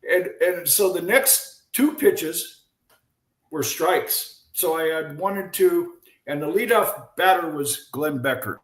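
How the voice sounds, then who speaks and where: Lively older man telling stories. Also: a little high, slow, echoey room, poor audio. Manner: lively storyteller who acts out quoted voices, with frequent restarts. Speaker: guest, former baseball pitcher. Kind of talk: animated storytelling in a chat.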